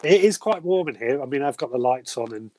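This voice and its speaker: A man's voice: mid-range voice, expressive, a little fast, mellow, no room sound. A middle-aged British man chatting casually as co-host, easygoing and a little hesitant. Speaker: co-host and guest. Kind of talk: casual chat. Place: home room with grow lights. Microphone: webcam or phone mic.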